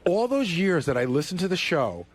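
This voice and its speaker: A man's voice: sits high, very animated, normal speed. A man on a radio talk show who defends himself against teasing from the host. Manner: defensive, protesting. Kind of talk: casual radio banter.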